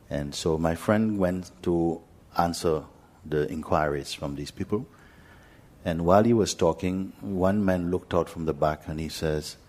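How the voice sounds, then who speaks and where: Spiritual teacher, male, telling a story to a gathering; very low, husky voice, gentle and unhurried. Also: fairly even intonation. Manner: gentle, unhurried, pausing often. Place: talk hall in India.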